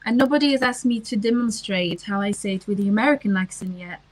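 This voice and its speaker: A woman's voice: medium pitch, quick pace, no echo, rough recording. A woman, chatting casually on a livestream and answering comments, with lots of ums and restarts. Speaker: livestream host.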